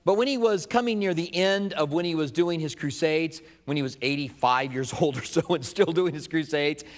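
A man's voice: on the high side, normal speed, in a large hall. A man preaching a sermon as pastor, with an emphatic, repetitive cadence.

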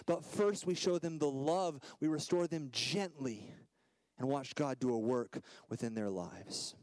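A man in his thirties preaches with a slightly high voice, rising to loud emphasis and dropping to hushed asides. The sound is dry and close, with no room around it. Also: lively intonation, normal speed, no echo, rough recording. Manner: dynamic, swings from loud emphatic lines to soft hushed ones. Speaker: guest preacher. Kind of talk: sermon.

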